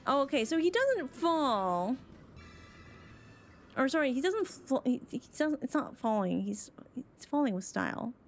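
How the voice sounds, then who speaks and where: Animated woman gaming streamer. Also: sits high, unhurried. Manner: animated, reactive, swears casually. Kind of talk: casual let's-play commentary. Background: faint game music.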